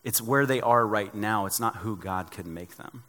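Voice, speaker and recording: Bright-voiced preacher in a reverberant hall. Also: male voice, lowish voice, moderate pace. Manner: conversational preaching with joking personal asides. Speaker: pastor. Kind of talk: sermon.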